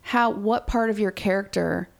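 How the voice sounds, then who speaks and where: A woman's voice: mid-range voice, normal speed, creaky. A woman hosting a faith podcast, encouraging listeners directly in a casual conversational way. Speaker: podcast host.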